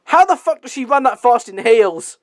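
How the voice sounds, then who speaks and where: Giggly high-voiced man commenting on a film. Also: lively intonation, normal speed, fairly bright tone, dry recording, studio quality. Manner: laughs often, swears freely. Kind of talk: casual movie commentary.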